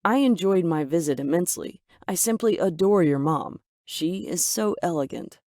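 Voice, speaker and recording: A woman voicing a young man, an earnest and gentle fiancé, in an animated storybook narration. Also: lowish voice, moderate pace, dry recording, clean studio sound, lightly acted. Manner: defensive then gentle explaining.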